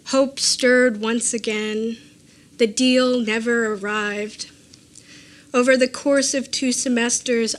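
A woman with a somewhat high-pitched voice reads her own personal essay aloud to listeners. Her delivery is measured and deliberate, and she drops in dry, offhand asides between the passages. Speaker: author reading her own memoir. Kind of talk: live reading of a personal essay.

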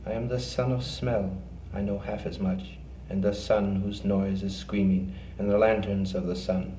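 A man giving a poetry reading in a measured, rhythmic way. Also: fairly low pitch, little pitch movement, dark tone, a little hiss or hum. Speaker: poet reading his work. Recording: roomy reverberant recording with faint ambience.

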